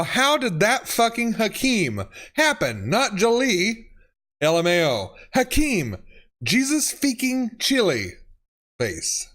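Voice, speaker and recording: A man's voice: sits high, fairly bright tone. A man reading funny text messages aloud and reacting, laughing often and swearing. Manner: laughs often, reads lines with swearing and exclamations. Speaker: YouTuber reading autocorrect fails.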